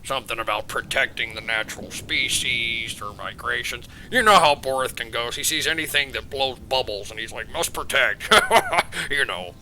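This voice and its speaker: A man runs a tabletop game as game master, narrating scenes in a relaxed, joking way. His voice is very bright. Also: mid-range voice, normal speed, few pauses, a little hiss or hum.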